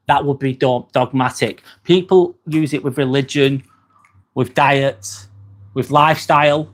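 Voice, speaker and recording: A man's voice: on the high side, moderate pace. A man with an English accent hosting a casual live stream, chatting loosely, reading viewer comments aloud and dropping in the odd swear word. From England. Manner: chatty and relaxed, with frequent ums and casual swearing. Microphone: phone.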